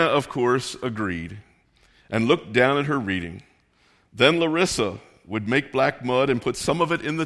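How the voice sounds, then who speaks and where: A man's voice: mid-range voice, a bit bright, long reverb tail. A man preaching a sermon in an earnest, conversational way, acting out the voices he quotes. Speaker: pastor.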